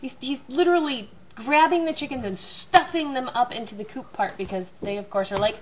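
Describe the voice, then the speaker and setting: A woman's voice: fairly high pitch, a little fast, hardly any pauses, heavy background noise. A woman telling a long, rambling, self-mocking story about her family at home. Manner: chatty, self-mocking, acts out loud voices.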